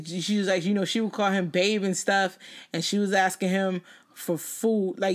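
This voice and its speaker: A woman co-hosting a casual talk show, telling stories in an animated way and acting out the people in them, laughing often. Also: mid-range voice, moderate pace. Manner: animated storyteller who mimics others and laughs often. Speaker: podcast co-host. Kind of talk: casual banter.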